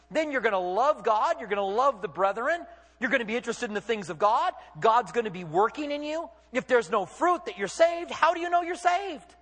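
Male pastor, sermon delivery: high, expressive pitch, emphatic and questioning; long hall reverb. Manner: emphatic, rhetorical questions, acts out quotes.

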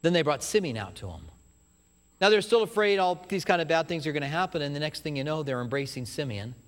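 A man preaching a sermon, retelling a story with animated asides and acting out what people say. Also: a little high, fast, in a large hall. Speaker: pastor.

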